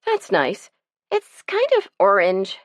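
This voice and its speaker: A woman's voice: medium pitch, wildly swooping pitch, slow, a bit bright, no room sound, exaggerated voice. A woman voicing a moody, blunt teenage girl who speaks emphatically. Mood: sulky.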